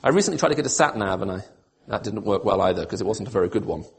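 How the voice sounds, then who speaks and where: A man's voice: lowish voice, expressive, rapid-fire, vocal fry, a crowd in the background. A man preaching a sermon, pleading with emotion when voicing God's appeals and turning to dry, self-mocking humour.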